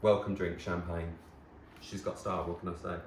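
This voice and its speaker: A deep-voiced man, a former talent show contestant and presenter, shows keepsakes to the camera in a casual vlog. He's chatty and gushing, quickly turning excited and tearful. The room is echoey, with faint hiss.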